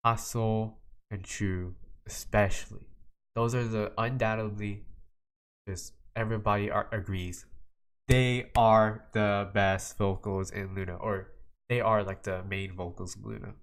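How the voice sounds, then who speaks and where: A teenage young man hosting a solo podcast, rambling casually from topic to topic with lots of restarts and "like"s. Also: on the low side. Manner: rambling, jumps between topics, many restarts and "like"s. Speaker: podcast host.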